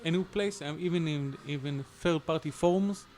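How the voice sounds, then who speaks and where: A man's voice: fairly high pitch, normal speed, a little mellow. A man on a podcast panel explaining search strategy in an instructive, emphatic way. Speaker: SEO panelist. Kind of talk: casual podcast discussion.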